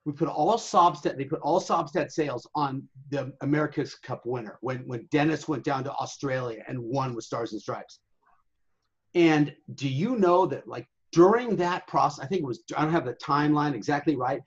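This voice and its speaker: A man telling profane, animated stories in a casual interview and acting out the people in them. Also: fairly high pitch, husky, lo-fi sound. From Southern California. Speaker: interview guest, sailing website owner. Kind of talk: casual storytelling.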